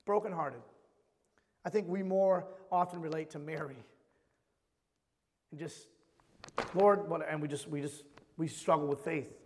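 Male pastor, high voice, fervent sermon delivery that drops to near whispers, reverberant sanctuary. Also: steady tone, measured pace, long pauses. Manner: impassioned, swings between loud and hushed, repeats phrases. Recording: long hall reverb.

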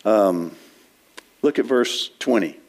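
A man's voice: medium pitch, lively intonation, normal speed. A man preaching an expository sermon in a church, talking in a conversational way with frequent restarts while he quotes and explains scripture. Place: church sanctuary.

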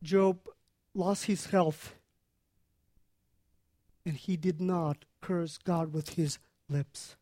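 Slow, earnest preacher, dry close sound. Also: medium pitch, steady tone, mellow, no room sound. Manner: earnest, unhurried explaining with pauses. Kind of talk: sermon teaching on scripture.

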